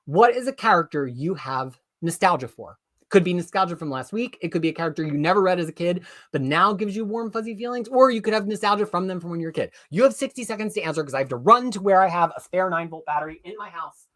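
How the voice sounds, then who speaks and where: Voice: medium pitch, fast. Chatty live-stream host reading viewer comments. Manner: chatty and excitable, rambling with self-corrections.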